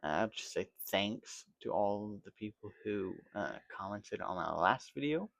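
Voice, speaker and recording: A man's voice: lowish voice, animated, moderate pace, creaky, fairly bright tone, dry recording. A man casually rambling through gameplay commentary for his channel, yawning and correcting himself as he talks, sleepy with a dry mouth. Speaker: gaming channel host.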